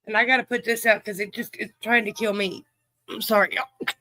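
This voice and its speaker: A woman's voice: medium pitch, fairly even intonation, fairly quick, pushed and bright, no echo, poor audio. A woman hosting a live stream card game, chatting with viewers in a folksy, teasing, profane way while coughing and short of breath. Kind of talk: casual chat with viewers.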